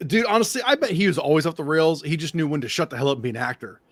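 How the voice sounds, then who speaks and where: An American man hosting a podcast in casual chat, animated and swearing freely as he talks. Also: on the high side, no echo. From United States. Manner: fast, animated, swears a lot, excitable. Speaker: podcast host.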